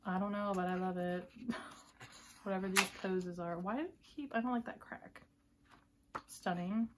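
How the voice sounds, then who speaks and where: Girl flipping through a photobook and freaking out, mid-pitch voice, soft whispery bits, faint hiss behind. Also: normal speed. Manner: gushing, excitable, drops into breathy whispers. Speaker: vlogger unboxing a photobook. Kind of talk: casual unboxing commentary.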